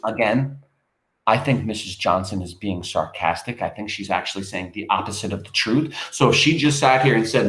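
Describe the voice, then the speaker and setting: A male teacher reading a play aloud and breaking it down for students, emphatic and animated, full of rhetorical questions. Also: on the low side, moderate pace, roomy sound, rough recording.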